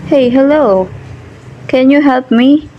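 A Filipino woman giving excitable live commentary while she plays a game, mixing English and Tagalog. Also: high-pitched, slow pace, lo-fi sound, noisy background. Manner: excitable, exclaims often, switches between English and Tagalog. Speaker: game streamer.

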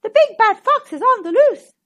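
A woman voicing a fussy farmyard goose that honks and squawks out loud warnings in a children's storybook. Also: extremely high pitch, expressive, moderate pace, highs cut off, pitched above the performer's own voice. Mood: alarmed.

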